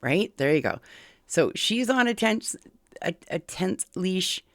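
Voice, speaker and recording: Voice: medium pitch, sing-song, takes it slowly, fairly bright tone, a little hiss or hum. A dog behavior commentator reacting to a video clip, speaking earnestly and pleading with viewers, repeating key points with frequent restarts. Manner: frequent restarts and verbal fillers.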